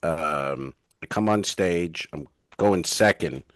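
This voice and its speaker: A man with a fairly low voice tells rambling stage stories as a podcast co-host, slipping into the lines of the people in them. The sound is dry and close, with no room around it. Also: slow, no echo. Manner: rambling anecdotal storyteller, acts out dialogue. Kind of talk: casual storytelling chat.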